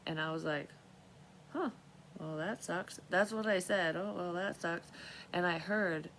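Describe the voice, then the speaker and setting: A woman's voice: lowish voice, unhurried, a bit bright, a little hiss or hum, low-quality recording. A woman telling her dreams in a casual, rambling monologue, swearing freely and often trailing off and restarting. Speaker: vlogger sharing dream readings.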